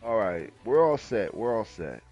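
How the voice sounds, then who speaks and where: A man's voice: lowish voice, sing-song, normal speed, darkish tone, lo-fi sound, soft background music. A man co-hosting a game livestream, upbeat, reading chat messages aloud, laughing and running a giveaway. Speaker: co-host of a game stream.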